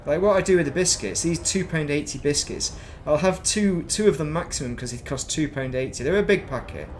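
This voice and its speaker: A man's voice: fairly high pitch, a little fast, slight background noise. A middle-aged man from England, chatting casually and rambling while streaming a space game, self-mocking and chatty. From northern England.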